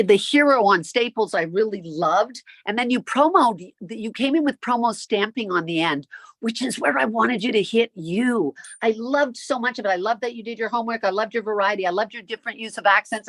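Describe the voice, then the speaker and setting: A woman judge heaps praise on a contestant, listing favorites and stumbling over restarts. Her voice is mid-pitched, recorded dry and close. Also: a bit bright, dry recording. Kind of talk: live feedback to a contestant.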